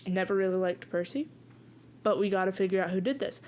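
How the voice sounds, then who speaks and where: A woman's voice: mid-range voice, brisk, darkish tone, a little hiss or hum. Chatty young woman telling a made-up story. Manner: rambling, chatty, with frequent giggles. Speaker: video creator. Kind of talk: casual improvised storytelling.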